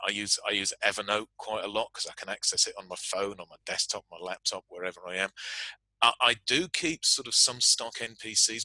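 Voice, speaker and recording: A man's voice: fairly low pitch, bright, forceful tone, no room sound, low-quality recording. A British man moderating a panel discussion in a chatty, self-deprecating way, laughing often.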